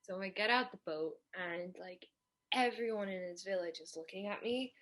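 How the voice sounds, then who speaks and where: A young woman guest tells a travel story in a casual, chatty way. She fills her sentences with "like" and stays at a middle pitch. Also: moderate pace. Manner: animated when retelling dialogue.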